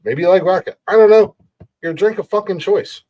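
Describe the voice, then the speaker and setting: A man's voice: sits high, brisk, highs cut off. A man hosting a podcast, ranting in a rambling, profane way and laughing at his own jokes. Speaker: podcast host.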